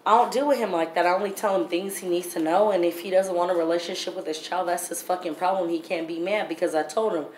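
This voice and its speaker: A woman's voice: fairly low pitch, steady tone, fast, hardly any pauses, darkish tone. A woman vlogger telling her story in a blunt, heated, profane way. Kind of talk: storytime vlog. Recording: roomy echo, faint background noise.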